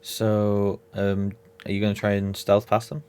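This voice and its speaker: A man narrating as game master of a tabletop game, relaxed and reassuring, with many ums. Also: on the low side, unhurried, clear, resonant tone.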